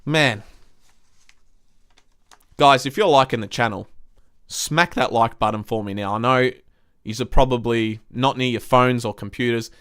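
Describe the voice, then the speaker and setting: A man's voice: mid-range voice, measured pace, pauses often, fairly bright tone, clear, resonant tone, no echo, studio quality. A young man hosting a live stream, reading viewer comments and ranting bluntly with lots of swearing. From Australia. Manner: blunt, swears a lot, frustrated.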